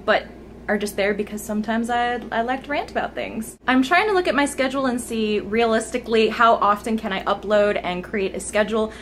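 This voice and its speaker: A woman's voice: on the high side, fairly bright tone. Young woman, gaming vlogger, upbeat and chatty, close smartphone mic, faint hiss. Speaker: gaming YouTuber. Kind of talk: informal channel update vlog. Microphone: smartphone camera mic held close.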